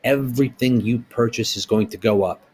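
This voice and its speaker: A man's voice: mid-range voice, fairly quick, a little mellow, slightly rough. A middle-aged man who owns a small business, delivering a blunt, heated opinion rant with rhetorical questions.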